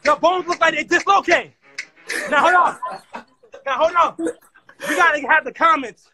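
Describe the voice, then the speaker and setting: A man talking to viewers on a live stream, loud and excitable, hyping up a dance battle. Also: extremely high pitch, moderate pace, noisy background. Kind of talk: casual live-stream chat. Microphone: phone mic on a live stream.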